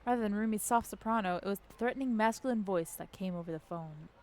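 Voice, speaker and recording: A woman's voice: mid-range voice, fast talker, darkish tone. A woman streaming a story game, reading the text aloud and chatting casually with the odd swear. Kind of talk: casual let's-play narration.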